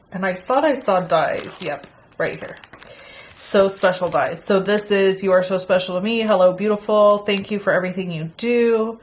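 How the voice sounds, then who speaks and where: A middle-aged woman casually chatting through a crafting unboxing, excitable and gasping at pretty pieces. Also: mid-range voice. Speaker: crafting channel host.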